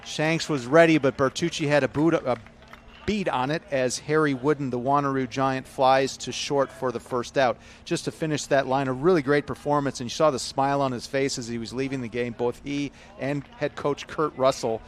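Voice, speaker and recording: A man's voice: medium pitch, fairly even intonation, normal speed, slight background noise. A man with a Chicago American accent calling a youth baseball game live, chatty and often correcting himself. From Chicago, United States. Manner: chatty, self-correcting, rising to shouts on big hits. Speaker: baseball commentator. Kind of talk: live play-by-play commentary.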